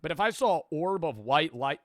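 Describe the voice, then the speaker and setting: A man streaming casual reaction chat, excitable and swearing often. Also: fairly high pitch, fairly quick, dry recording, clean studio sound.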